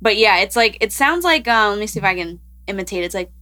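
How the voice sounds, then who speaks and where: Bright-voiced woman podcast host. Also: medium pitch, lively intonation, fast. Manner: chatty, rambling, laughs often. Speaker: podcast co-host presenting science news. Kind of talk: casual podcast chat.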